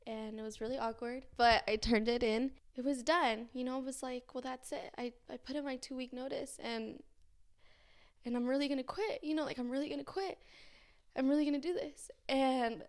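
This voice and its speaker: A woman's voice: sits high, steady tone, normal speed. Anxious rambling young woman vlogger. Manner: rambling, full of fillers and restarts; earnest, anxious, faith-filled. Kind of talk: casual confessional vlog.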